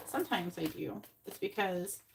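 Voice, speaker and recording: A woman's voice: fairly low pitch, creaky, noisy background. A woman from Florida giving a live-stream tarot reading, chatting and thinking aloud between card pulls. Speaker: psychic reader.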